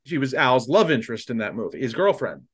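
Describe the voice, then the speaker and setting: Animated storytelling man, podcast co-host. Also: mid-range voice, fast talker, slightly rough. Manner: animated storyteller, laughs while retelling. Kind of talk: casual chat, storytelling.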